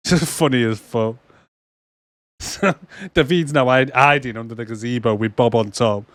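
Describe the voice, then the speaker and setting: A young man co-hosts a casual film review podcast, laughing a lot and acting out lines in silly voices. His mid-range voice moves a little slowly, recorded dry in a cold room.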